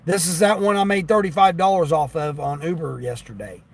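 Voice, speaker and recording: A man's voice: a little high, a little fast, gravelly, dry recording. A man livestreaming while driving for delivery apps, chatting casually and complaining about customers who don't tip. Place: in a car.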